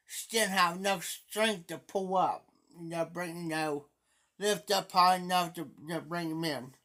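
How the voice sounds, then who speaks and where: A man's voice: high-pitched, fairly bright tone. A middle-aged man live-streaming, telling a casual story in a rambling way that keeps circling back and repeating itself. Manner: rambling, repeats himself often.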